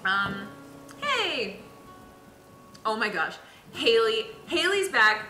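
A young woman streams a video game, chatting casually, giggling and reading out viewer comments in a bubbly, chatty manner full of fillers. Her fairly high, bright, forceful voice swings widely in pitch, and she talks extremely slowly with frequent pauses. There's a roomy echo and background music.

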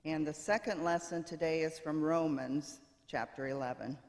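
A man reading scripture and a psalm aloud in a church service, in a measured, unhurried way. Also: a little high, steady tone. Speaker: scripture reader. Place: church sanctuary. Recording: church with long reverb.

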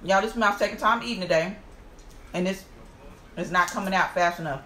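A woman hosts a casual mukbang vlog, her medium-pitched voice fairly quick in an echoey room with slight background noise. She's animated, exclaiming as she eats and calling her viewers "y'all."

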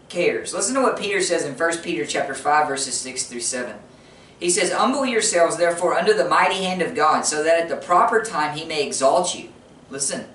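A man's voice: a little high, a bit bright, slight background noise. A man preaches a sermon with earnest conviction and often repeats key phrases to drive them home. His voice rings out through a roomy church sanctuary. He stands some distance from the microphone.

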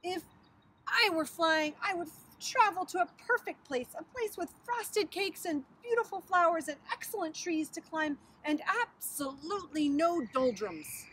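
A woman's voice: sits high, animated, unhurried, bright, forceful tone, a little hiss or hum, full character voice, rough recording. A woman voicing a gloomy, bossy little girl who feels like a wolf, whining and growling her complaints. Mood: wistful.

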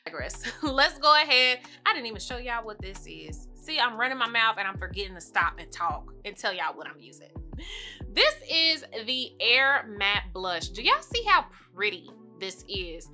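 A young woman chatting casually through a makeup tutorial, talking quickly and laughing often. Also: a little high, very animated, pushed and bright, soft background music. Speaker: beauty vlogger.

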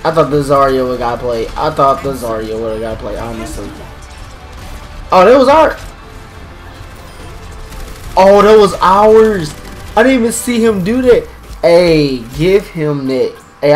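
A young man giving excitable live commentary while playing a game, exclaiming and talking to himself. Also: mid-range voice, rough recording. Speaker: gaming streamer.

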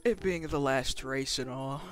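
A man's voice: mid-range voice, unhurried, noisy background. A young man giving casual commentary while playing a racing game, cursing and laughing in frustration, sometimes slipping into mock-dramatic villain talk. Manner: frustrated, swearing, laughing often. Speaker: gamer commentator. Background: game music.

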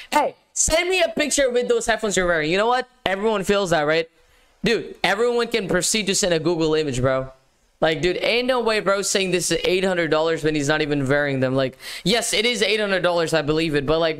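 This livestream host has a smooth, fairly bright voice that sits on the high side. He chats casually with slang during his live gaming stream, greeting viewers by name.

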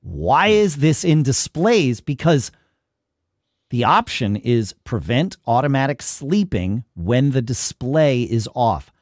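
Animated, exasperated male podcast host. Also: mid-range voice, takes it slowly, dry recording, clean studio sound. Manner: animated, mock-exasperated ranting. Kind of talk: casual tech podcast chat.

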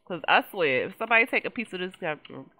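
Animated woman doing gameplay commentary. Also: fairly low pitch, fast. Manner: animated, exasperated, swears freely, chats to viewers. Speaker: gaming channel host.

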